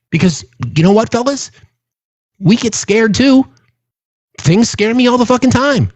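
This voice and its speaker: A man's voice: extremely high pitch, animated, unhurried, long pauses, darkish tone, no echo. A middle-aged man hosting a livestream, talking earnestly and passionately to his chat, often swearing for emphasis. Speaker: livestream host. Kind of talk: casual livestream talk to chat.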